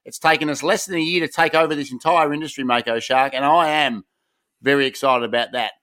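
A man's voice: mid-range voice, fairly even intonation, brisk, bright, forceful tone, no echo. Rambling Australian man, dry close sound. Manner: rambling, swaggering, lots of restarts. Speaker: podcast co-host. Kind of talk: casual podcast banter.

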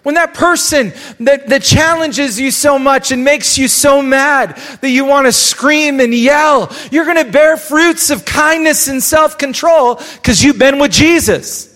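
A man's voice: extremely high pitch, a little slow, hardly any pauses, a bit bright. A man preaching a live sermon as pastor in a church, exhorting and repeating phrases for emphasis. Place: church sanctuary. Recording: long church hall reverb.

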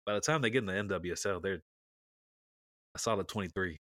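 A man's voice: low voice, quick pace, a bit bright, no room sound, clean studio sound. A man co-hosting a podcast, chatting loosely and steering the talk back to his topic. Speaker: podcast co-host. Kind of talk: casual sports chat.

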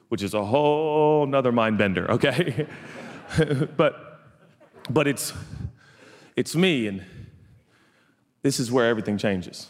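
Animated male preacher in a reverberant hall. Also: medium pitch, unhurried, pauses often. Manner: animated storytelling with playful asides. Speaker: pastor. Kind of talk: sermon.

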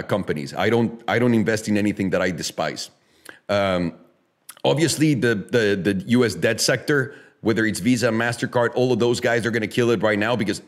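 Lively, profane, ranting man. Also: mid-range voice. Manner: profane, emphatic, sarcastic, rhetorical questions. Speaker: podcast host. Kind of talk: casual opinionated chat.

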